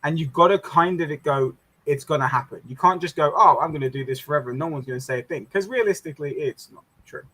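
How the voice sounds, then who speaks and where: An English man in casual chat, telling stories lively and laughing often. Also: fairly high pitch, fast, hardly any pauses, slightly rough. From England. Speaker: show host.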